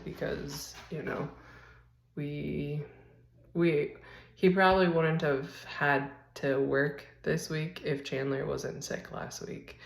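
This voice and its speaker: A woman's voice: low voice, vocal fry, reverberant. A woman vlogging casually on a handheld phone while walking through her house, rambling and chatty. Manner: rambling, chatty, filler-heavy. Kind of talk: casual chat. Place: basement and rooms of a house, indoors.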